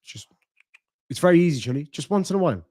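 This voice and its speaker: A man's voice: fairly high pitch, animated, quick pace, a little mellow, dry recording, clean studio sound. A man with an Irish accent giving profane, mocking reaction commentary on a stream.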